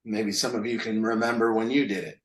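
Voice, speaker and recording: A man's voice: on the low side, level tone, fairly quick, roomy sound, poor audio. A man leading a recovery group, talking candidly and mocking himself, asking rhetorical questions. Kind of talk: group talk on a call.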